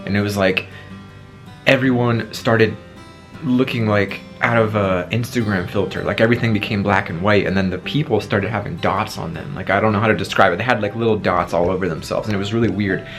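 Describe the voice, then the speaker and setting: A man in his twenties telling a dramatic personal story on his vlog, acting out his own past lines, with a sore throat. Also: lowish voice. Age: 20s. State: sore throat after tonsil surgery. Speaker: vlogger.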